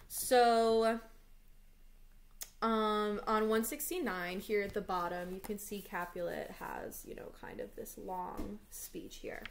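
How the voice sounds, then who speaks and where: A woman teacher walks through a play in a relaxed online lesson from home. Her speech is chatty and loose, full of "like" and "um". Her pitch sits in an ordinary middle range. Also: takes it slowly, vocal fry, slight background noise. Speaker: English teacher.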